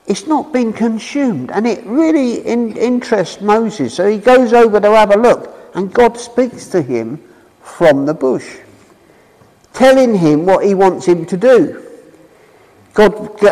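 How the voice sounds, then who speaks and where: A man preaching in a chatty, questioning way, his voice high and swinging up and down. He talks at an unhurried pace. His words carry a long reverb, as if he were in a big hall. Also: a little mellow. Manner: chatty, asks the audience questions. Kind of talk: informal sermon to a congregation.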